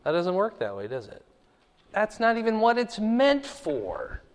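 A man with a fairly high voice delivers a teaching sermon in a casual, conversational way, regularly pausing to ask whether his listeners follow. His voice carries a long reverb from a large hall. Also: huge pitch swings. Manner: conversational, checks in with the congregation often. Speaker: pastor.

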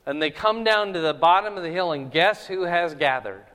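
Speaking at normal speed in a high-leaning, animated, somewhat bright voice, this preacher teaches through the text verse by verse in a conversational way and keeps checking in with his audience. The sound carries the long reverb of a hall.

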